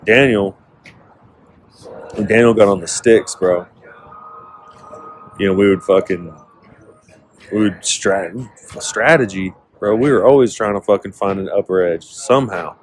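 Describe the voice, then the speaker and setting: A man's voice: on the low side, a little slow, long pauses. A man from Northern California hosting a podcast, telling rambling, profane stories in casual chat. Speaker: podcast host.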